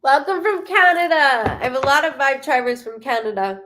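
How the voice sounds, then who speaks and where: A woman's voice: high voice, normal speed, a bit bright. A woman hosting a live stream as a psychic medium, chatting casually, greeting viewers by name and swearing freely.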